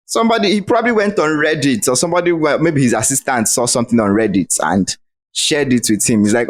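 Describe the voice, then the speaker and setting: A man's voice: medium pitch, fast talker. A young Nigerian man with a Nigerian accent, a podcast guest ranting heatedly over a remote call and swearing freely. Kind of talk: casual podcast chat.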